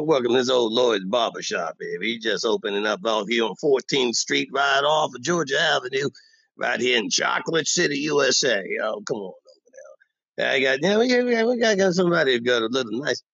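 An actor playing an older, bossy, old-school barbershop owner who rambles and boasts in street talk, delivered as a comic monologue. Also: male voice, medium pitch, fairly bright tone, no room sound. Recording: dull dry lo-fi recording.

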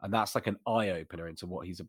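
A man's voice: deep voice, fast, husky, no room sound, clean studio sound. A man co-hosting a casual discussion, talking eagerly in bursts with frequent restarts. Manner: enthusiastic, talks in bursts with restarts. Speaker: podcast co-host.

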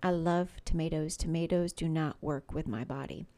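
A woman's voice: sits low, fairly even intonation, moderate pace, warm tone. A middle-aged woman hosting a faith-based podcast, talking in a chatty, personal way with frequent fillers. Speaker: podcast host.

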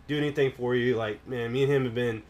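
A man's voice: medium pitch, fairly even intonation, quick pace, a little mellow. Profane, rambling male podcast host. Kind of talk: casual podcast chat.

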